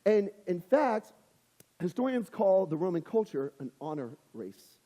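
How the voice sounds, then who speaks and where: A man's voice: high voice, big pitch swings, unhurried, mellow. A young adult man giving a casual sermon to a youth group, talking conversationally and slipping into voices for the people he quotes. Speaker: youth pastor. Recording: long hall reverb.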